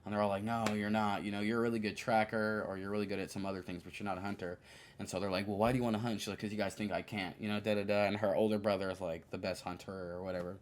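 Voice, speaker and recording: A young man hosting a podcast, chatting casually about movies in a lively, slangy way full of fillers. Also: lowish voice, very fast, a little hiss or hum. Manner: animated, slangy, many fillers and quoted asides. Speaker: podcast host. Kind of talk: casual solo movie review.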